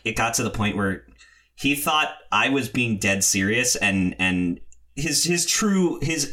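A young man with a bright, forceful voice tells a story casually, tripping over restarts as he goes. He bursts into loud shouting whenever he quotes his own outbursts. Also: on the low side. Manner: rambling, stammering restarts, shouting bursts when quoting himself.

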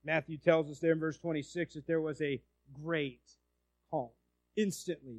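A man preaching a sermon in a high, light voice. He tells the story dramatically and swings from loud passages to hushed ones. The sound is close and dry, with no room echo.

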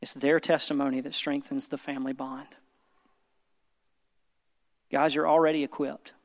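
A pastor in his thirties preaches an earnest sermon at a church service, telling a story to make his point over soft background music. His voice is medium-pitched and level, at a normal speed.

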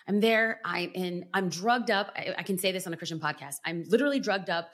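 A woman church planter, a podcast guest, telling an emotional personal story with earnest, animated delivery. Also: medium pitch. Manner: animated, earnest, pace swings from rapid to drawn out.

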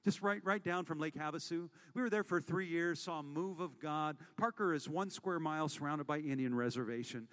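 A man preaching a sermon as pastor, moving between hushed storytelling and loud, rallying calls to the congregation. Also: on the high side, fairly quick, hardly any pauses, in a large hall. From United States.

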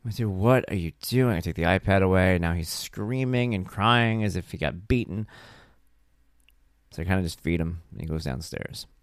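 A low-pitched man speaks at normal speed with a clean tone, the studio sound clean and free of echo. He's a tired podcast host in a casual solo episode, animatedly recounting family exchanges by acting out the dialogue.

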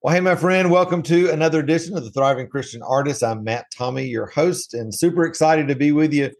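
A man's voice: fairly high pitch, fairly quick, a little mellow. A man with a Southern American accent, hosting a podcast interview in a friendly, chatty way with easy laughs. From Georgia, USA. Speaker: podcast host. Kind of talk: casual interview chat.

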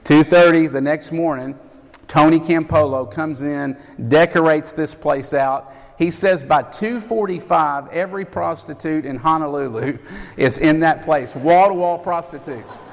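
A male preacher telling a story in a sermon, animated and acting out the quotes, in a church sanctuary. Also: fairly high pitch, a little slow, gravelly. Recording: echoey hall.

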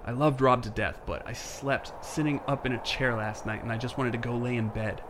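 An actor playing a tired, frightened young father who narrates a horror story in first person, tense and hushed. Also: medium pitch, fairly even intonation, a little fast, background noise, close to an everyday voice. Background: music.

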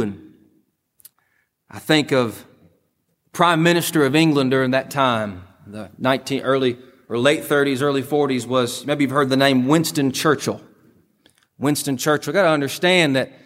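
A male pastor preaches with fervor at a middle pitch, surging upward on key phrases and sinking to near-whispers. His voice rings out with a long reverb through the church sanctuary. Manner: impassioned preaching with sudden pitch leaps and hushed drops. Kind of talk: sermon.

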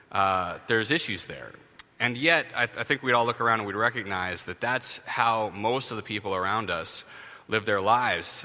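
A man's voice: lowish voice, bright, forceful tone, big-room sound. A man preaching a sermon as pastor in a loose, conversational way, with wry asides and casual fillers.

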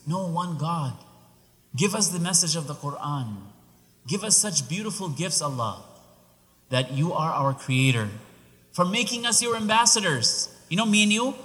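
A man preaching a sermon, telling a story with animated, rising exclamations. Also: fairly high pitch. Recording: long reverb of a large hall.

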